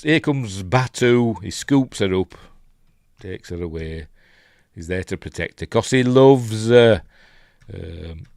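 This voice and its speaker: A man's voice: low-pitched, a little mellow, no room sound, clean studio sound. A Yorkshire man hosting a casual live film breakdown. He rambles, thinks aloud and reads out viewer comments. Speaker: film reviewer host.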